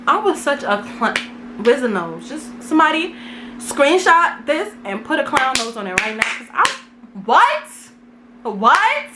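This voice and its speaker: A young woman vlogger telling a casual storytime, animated and dramatic, full of slang. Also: high-pitched, moderate pace, noisy background.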